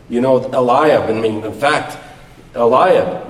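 Slow, measured man in a hall. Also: mid-range voice, animated. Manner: measured, thoughtful. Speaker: Bible study participant. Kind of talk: reflective teaching comment. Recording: distant mic in echoey hall.

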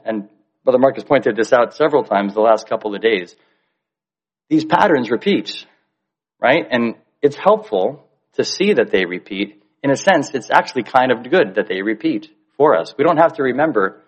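Male Bible teacher, middle pitch, explains plainly, talks straight to the room. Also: lively intonation, normal speed, low-quality recording. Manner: explanatory, with asides to the listeners.

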